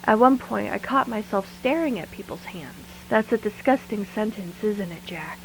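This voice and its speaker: A woman's voice: medium pitch, expressive, normal speed, vocal fry, a little hiss or hum, poor audio. An actress voicing a frightened, sleepless woman who confides her thoughts to a tape recorder in an audio drama monologue. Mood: hushed. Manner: hushed and confiding, then rattled and angry. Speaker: lead character of an audio drama.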